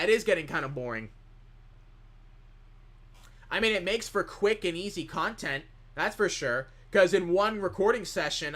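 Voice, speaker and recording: A man's voice: sits high, pushed and bright. A man streaming live, chatting casually in a rambling way as he reads chat questions aloud and answers them.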